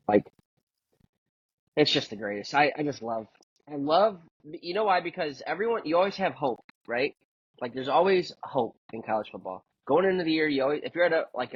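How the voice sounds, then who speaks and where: A man's voice: mid-range voice, lively intonation, brisk, breathy edge, lo-fi sound. A man co-hosting a casual sports podcast, talking in a rambling way full of filler words. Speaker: podcast co-host.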